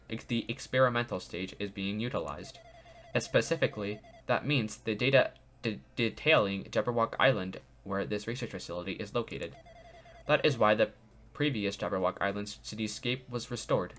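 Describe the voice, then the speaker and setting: A man voicing a calm artificial intelligence program with a polite, explanatory, robot-like manner while reading game dialogue aloud. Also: fairly low pitch, voice pushed down, lightly acted.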